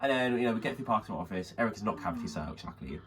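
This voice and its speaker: Male podcast co-host, rapid animated storyteller, light hiss behind. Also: fairly low pitch, far from the mic. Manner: animated storyteller, quoting friends in shifting voices, swearing freely. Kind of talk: casual storytelling chat.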